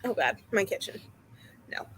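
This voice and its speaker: A young woman hosting a casual reading stream from home, chatty and animated, laughing at herself often. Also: normal speed, a little hiss or hum, low-quality recording. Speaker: host of a reading sprint stream. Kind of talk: casual chat. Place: home, near her kitchen.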